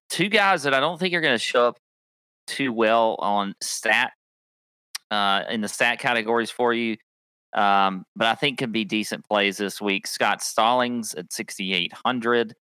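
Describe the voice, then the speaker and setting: A man's voice: fairly low pitch, sharp tone, clear, resonant tone, dry recording. A man co-hosting a podcast, chatting in an easygoing way and reading off statistics. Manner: easygoing, reads off stats. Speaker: podcast co-host. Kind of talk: casual fantasy sports chat.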